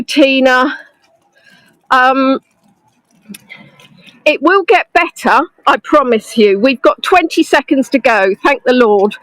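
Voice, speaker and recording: Host type: high-voiced woman, unhurried, self-mocking, live tour guide on a phone outdoors, dry close sound. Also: no echo, low-quality recording. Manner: chatty, self-deprecating, greeting viewers by name. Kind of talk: live-streamed walking tour chat. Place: outdoors in a snowy town street. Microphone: phone on a gimbal held close to the face.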